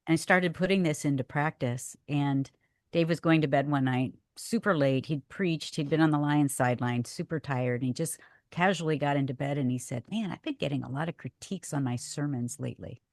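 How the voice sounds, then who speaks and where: A woman's voice: low-pitched, brisk, no echo. A woman guest who is an author and radio co-host, telling a personal marriage story in an earnest way. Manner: earnest, calls herself a verbal processor. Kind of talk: casual storytelling.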